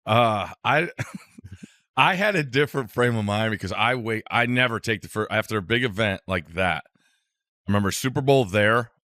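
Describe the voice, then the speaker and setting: A man's voice: fairly low pitch, lively intonation, normal speed, bright, forceful tone, no echo, studio quality. A man co-hosting a podcast, telling a rambling, self-amused travel story in casual chat.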